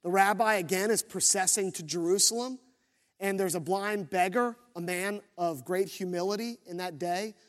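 A man preaching a sermon as pastor, telling the story with lively, acted-out quotes. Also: high voice, normal speed. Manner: animated storytelling, acts out quoted voices.

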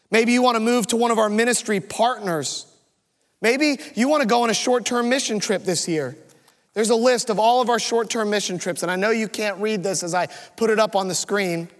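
Male pastor, high voice, heartfelt storytelling sermon in a reverberant church hall. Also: a bit bright. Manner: emotional, earnest storytelling. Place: church sanctuary.

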